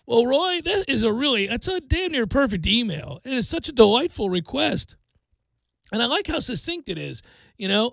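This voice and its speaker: A man's voice: very high voice, very animated, creaky, fairly bright tone, dry recording. A man hosting a sports talk radio show, bantering wryly with a co-host and reading listener mail. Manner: wry, joking, drawn-out delivery. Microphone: studio microphone.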